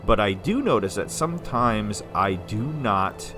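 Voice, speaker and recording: A man from the United States giving casual, rambling let's-play commentary as a gaming video host, sometimes slurring syllables when excited. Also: fairly low pitch, a little slow, background noise. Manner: rambling, chatty, self-deprecating.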